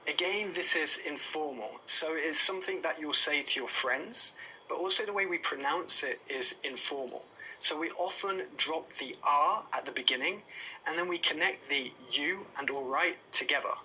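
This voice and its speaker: A man with a British accent teaching everyday phrases to English learners, explaining them clearly and patiently and acting out short example exchanges. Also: on the high side, moderate pace, sharp tone, slight background noise.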